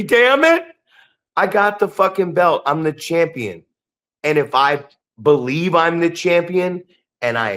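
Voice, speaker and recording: A man's voice: on the high side, fairly bright tone. Profane, ranting man on a podcast. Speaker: podcast co-host. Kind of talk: heated casual podcast talk.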